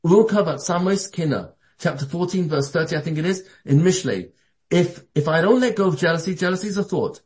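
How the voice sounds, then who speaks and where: A man with a high voice preaches a sermon. He talks with a lot of energy, stumbles and restarts often, and shifts between calm and excited passages. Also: brisk. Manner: animated, acts out quoted voices, frequent restarts. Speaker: Torah teacher.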